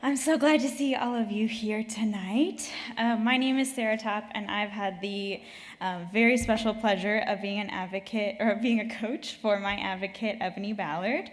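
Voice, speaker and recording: A woman's voice: medium pitch, steady tone. A woman coach introducing a speaker at an event, with some filler words. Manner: warm, slightly halting with fillers. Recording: reverberant hall.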